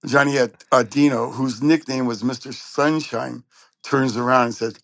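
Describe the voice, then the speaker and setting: Animated storytelling man, dry sound. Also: mid-range voice, normal speed, no echo. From Southern California. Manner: animated storyteller, acts out quotes. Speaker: trumpet player guest. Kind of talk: storytelling interview.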